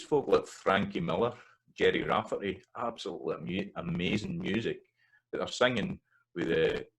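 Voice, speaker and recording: Scottish man, very low voice, gravelly, casual rambling lecture. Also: rough recording. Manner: casual, rambling with many fillers and restarts. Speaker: language teacher. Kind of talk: spoken lecture.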